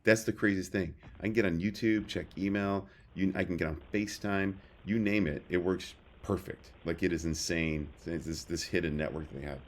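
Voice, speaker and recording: A man's voice: low voice, steady tone, normal speed, few pauses. A man co-hosting a podcast, telling stories in a loose, rambling way. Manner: rambling storyteller, many fillers and restarts. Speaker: podcast co-host. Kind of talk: casual chat.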